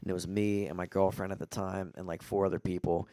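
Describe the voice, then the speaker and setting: Gravelly young man telling stories. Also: low-pitched, little pitch movement, fast, warm tone, no echo, studio quality. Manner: blunt, profane anecdote telling. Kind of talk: casual chat.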